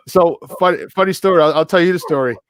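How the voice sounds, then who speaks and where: Animated storytelling man, dry close sound. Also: fairly high pitch, brisk, clean tone, no echo. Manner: animated, acts out quoted voices. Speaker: co-host. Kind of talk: casual storytelling chat. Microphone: remote mic, virtual studio.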